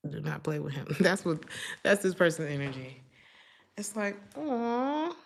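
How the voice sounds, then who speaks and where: A woman's voice: deep voice, unhurried, gravelly, husky. A woman giving a casual tarot reading to her viewers, chatty and slangy, laughing often between her thoughts. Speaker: tarot reader.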